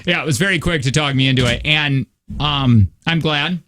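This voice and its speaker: A man with a fairly high, fairly bright voice hosts a morning radio show from a studio, speaking at a moderate pace in casual banter. He laughs often and acts out other people's lines as he tells stories, and he mentions that he's tired.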